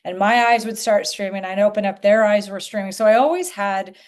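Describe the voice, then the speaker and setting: A middle-aged woman, an energy healer guest on a podcast, telling her story in an animated way and acting out the voices of people she quotes. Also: medium pitch, a little fast.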